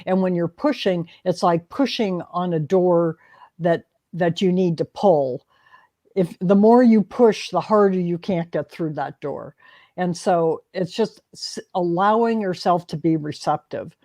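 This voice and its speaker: Calm hypnotherapist woman, mellow tone. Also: fairly low pitch. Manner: calm, soothing, explains slowly with many restarts. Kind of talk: panel discussion.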